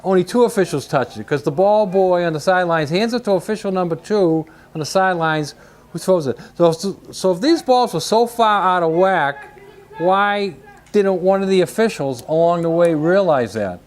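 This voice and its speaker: A man commentating a local high school lacrosse game, telling stories and chatting in the booth. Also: moderate pace. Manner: chatty, storytelling, repeats words when starting. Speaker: sports commentator. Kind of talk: casual booth chat between plays.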